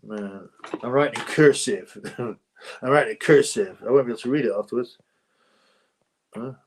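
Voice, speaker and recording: A man's voice: mid-range voice, moderate pace. A man from England hosting a boxing livestream, reading viewer comments aloud in a rambling, blunt, mocking way with many restarts.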